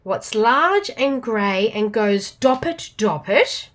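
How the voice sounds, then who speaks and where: A woman's voice: on the high side, expressive, takes it slowly, a bit bright. A woman with an Australian accent voicing a clever, mocking male elephant in a children's storybook, with a trumpeting, teasing delivery.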